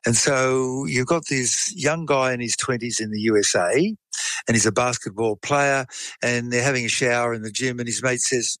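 A man's voice: medium pitch, fairly even intonation, normal speed, a bit bright, dry recording, rough recording. A man explaining science in a chatty way, telling a case story and acting out what people said. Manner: explanatory, chatty, acts out quoted speech. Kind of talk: conversational storytelling.

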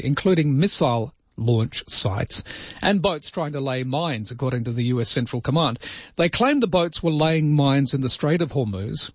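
A man's voice: mid-range voice, slightly rough, dry recording. A man hosting a solo talk show, chatting in a wry, rambling way with lots of asides. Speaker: show host. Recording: dry, slightly dull lo-fi sound.

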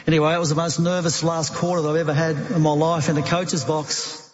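Aussie coach guy, middle-aged, bit high voice, telling stories at a memorial, echoey hall, kinda dull sound. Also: little pitch movement, brisk. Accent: Australian. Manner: storytelling, warm anecdotes with frequent ums. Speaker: football coach giving a tribute. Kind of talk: tribute speech at a memorial.

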